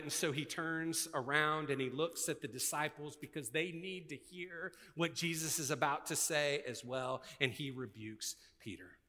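Preaching man in a reverberant hall. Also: on the high side. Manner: swings from loud preaching to hushed intensity. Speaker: pastor. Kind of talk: sermon.

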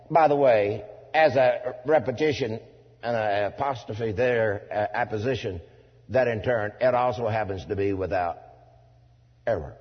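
A man preaching a sermon to a congregation, swinging from loud declaiming to low asides, with folksy turns of phrase. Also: a little slow, slightly rough. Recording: dull lo-fi sound in a reverberant hall.

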